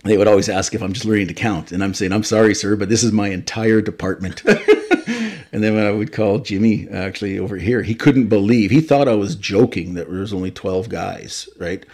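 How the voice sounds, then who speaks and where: A man's voice: on the low side, fairly even intonation, fairly quick, hardly any pauses, darkish tone. A man in his fifties from Canada, a fire chief telling stories in a casual interview, rambling and correcting himself as he goes. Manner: rambling, self-correcting storyteller.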